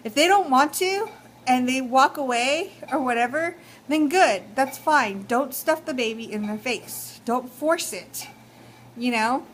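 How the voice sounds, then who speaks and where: A woman's voice: high voice, lively intonation, a little slow, a little hiss or hum, rough recording. A young woman with a Texan accent giving casual advice in a vlog, talking chattily with many fillers. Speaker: vlogger.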